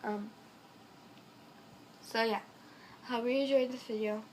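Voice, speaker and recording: A teenage girl telling a personal story to camera in a halting, earnest way, stuffed up and a little nasal from a cold, recorded on a phone. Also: on the high side, steady tone, slight background noise, low-quality recording. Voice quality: nasal from congestion. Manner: earnest and halting, many ums. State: stuffed up, congested. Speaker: vlogger.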